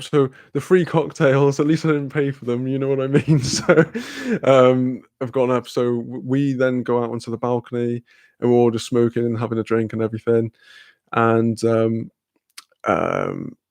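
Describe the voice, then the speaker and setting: A man's voice: mid-range voice, darkish tone, no room sound. A young man telling a rambling, sweary story in casual chat, laughing often. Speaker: channel host.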